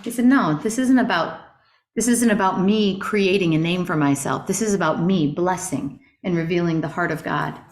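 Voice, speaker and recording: A middle-aged woman teaching a Bible study class in an earnest, animated way, asking her group rhetorical questions. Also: on the low side, normal speed. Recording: roomy echo.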